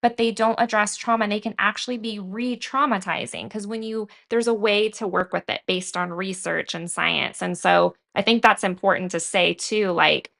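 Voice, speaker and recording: A woman's voice: mid-range voice, fairly even intonation, moderate pace, gravelly, few pauses, a bit bright. A woman co-hosting a podcast, talking earnestly and at length in casual conversation, with many "like"s. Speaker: podcast co-host.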